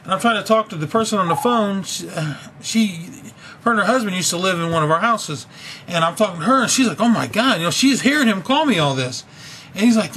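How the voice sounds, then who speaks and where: A man's voice: sits high, animated, fairly quick, a bit bright, slight background noise. A young man venting on a video blog, talking angrily and profanely about being fired. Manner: angry, ranting, profane. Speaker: video blogger. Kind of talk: casual venting vlog.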